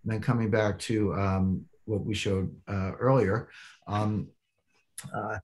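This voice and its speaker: Older male commentator, low voice, measured delivery, many ums and restarts. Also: fairly even intonation, a little mellow, slight background noise. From United States. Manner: measured, explanatory, frequent fillers and restarts. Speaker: economic commentator. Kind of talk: economic presentation with charts.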